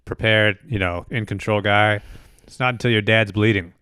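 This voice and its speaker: A man's voice: fairly low pitch, steady tone, moderate pace, bright, forceful tone, clean tone, dry recording. A man hosting a podcast in casual chat, talking things through with many restarts and easy laughs. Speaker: podcast host.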